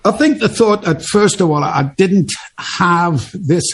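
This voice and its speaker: A man's voice: high voice, unhurried, husky. A man in his seventies with a Geordie accent, telling stories in a chatty, rambling way and laughing often during an interview. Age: 70s. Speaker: interview guest, singer. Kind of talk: casual interview storytelling.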